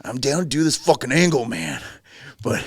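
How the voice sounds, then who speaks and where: A man's voice: medium pitch, sing-song, normal speed, slightly rough, dry recording, clean studio sound. A man putting on the voice of an intense, paranoid male wrestler who drawls threats and ends his lines on "brother". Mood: menacing. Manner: menacing, threatening.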